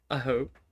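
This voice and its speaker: A man giving casual, swearing commentary while playing a strategy game, repeating himself and laughing often. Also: fairly bright tone. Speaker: gaming streamer.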